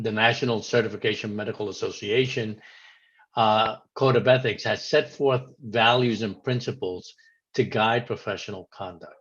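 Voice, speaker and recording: A man with a fairly low voice speaks as a medical director, giving a formal, measured address. He reads from prepared remarks at a steady pace. The audio is dull and lo-fi.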